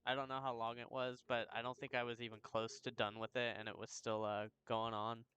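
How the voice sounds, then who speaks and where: A man's voice: mid-range voice, level tone, a little fast, pushed and bright, clean tone, dry recording, dull audio. A man hosting a gameplay video, chatting in a laid-back way and often correcting himself as he plays. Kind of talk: casual game commentary.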